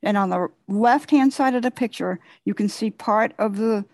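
A woman's voice: medium pitch, moderate pace, darkish tone, no room sound. Woman patiently explaining poetry. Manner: patient, explanatory, repeats phrases for rhythm. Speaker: guest poet. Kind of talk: explaining in a conference call.

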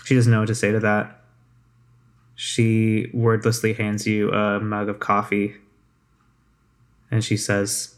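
A man narrating as game master of a tabletop game, relaxed and full of fillers. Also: fairly low pitch, slow pace, pauses often.

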